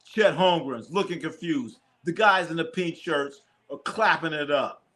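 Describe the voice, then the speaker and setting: At an unhurried pace, the streamer's slightly high voice comes through bright and forceful while he hosts a live basketball watch party. He calls plays casually, fields chat questions, jokes with viewers, and often says things twice.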